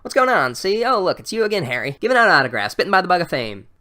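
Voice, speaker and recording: A man voicing a brash male 1930s gangster-style celebrity teacher, loud, with a clipped tough-guy cadence. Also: high voice, big pitch swings, quick pace, pitched above the performer's own voice, heavily acted.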